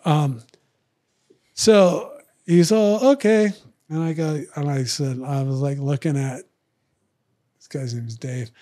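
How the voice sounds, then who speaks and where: Guy telling an old story on a podcast, kinda high voice, acts out the other guys' lines. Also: slow, long pauses, dark tone. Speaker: podcast guest, retired fighter. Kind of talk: storytelling in casual chat.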